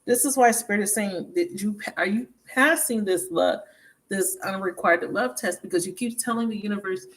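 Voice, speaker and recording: A woman's voice: mid-range voice, normal speed. A woman tarot card reader talking in a casual, blunt and profane way, telling stories with laughs in between. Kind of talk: casual tarot reading monologue.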